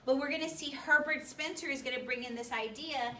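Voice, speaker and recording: A woman's voice: high-pitched, pushed and bright. A woman teaching a history class, firing questions at her students. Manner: quizzes students with rapid questions. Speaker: high school history teacher. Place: school classroom. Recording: distant classroom recording, faint noise.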